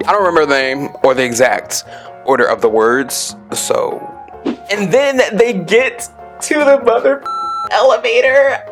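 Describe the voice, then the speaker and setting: A man giving a chatty, expressive recap of a TV episode as a channel host, often acting out the characters' lines. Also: high-pitched, a little slow, soft background music. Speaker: show recap YouTuber. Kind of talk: casual recap commentary.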